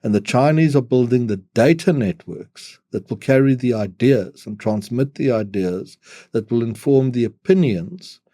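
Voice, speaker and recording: A man speaks as an interview guest, his voice mellow and dark. He talks in measured phrases, often restarting with repeated words. The recording is dry and close. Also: medium pitch, no room sound. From South Africa. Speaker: guest analyst. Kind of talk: podcast interview.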